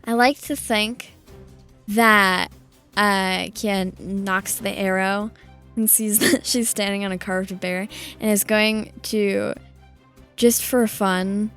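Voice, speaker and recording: A woman playing in a tabletop game, giggly and hesitant, often pausing with ums. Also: mid-range voice, fairly even intonation, fairly bright tone, soft background music. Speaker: player.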